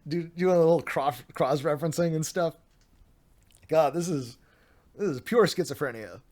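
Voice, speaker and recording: Speaking at a moderate pace with a fairly high pitch and a darkish tone, a man streams late at night. His casual live-stream commentary on online drama he reads out is tired and sardonic, full of swearing and laughter.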